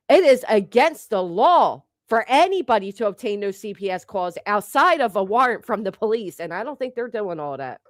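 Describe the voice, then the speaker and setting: Recorded cleanly in a studio with no echo, a woman of medium pitch works as an online commentator. Her commentary is an indignant, sarcastic tirade full of swearing and rapid rhetorical questions.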